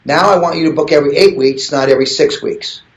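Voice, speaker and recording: A man's voice: fairly high pitch, quick pace. A middle-aged man being interviewed, coaching hairdressers in an earnest tone and acting out client dialogue. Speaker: interview guest, hair educator. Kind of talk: conversational interview. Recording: echoey room.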